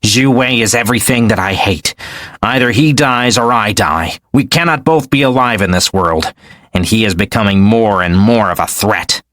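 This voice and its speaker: A man's voice: fairly low pitch, normal speed, a bit bright, dry recording, studio quality, natural voice. A man voicing a resentful, scheming young nobleman who speaks tensely through gritted teeth. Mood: bitter. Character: ambitious young male noble, bitter and scheming.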